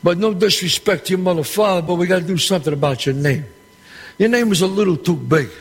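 An actor playing a middle-aged gangster boss who runs a dice game. He is loud and bossy, and he swears and throws insults around freely. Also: sits high, fast talker, breathy edge. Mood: boisterous. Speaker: mob boss at a craps game. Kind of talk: film dialogue. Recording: echoey hall sound with faint ambience.

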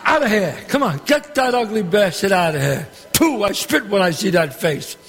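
A brash, high-voiced gangster boss. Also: male voice, very animated, husky, heavily acted. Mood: boisterous. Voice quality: loud, bossy, swearing, quick with insults. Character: brash, profane gangster boss running a dice game. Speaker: mob boss at a craps game. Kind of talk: film dialogue. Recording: echoey hall sound with faint ambience.

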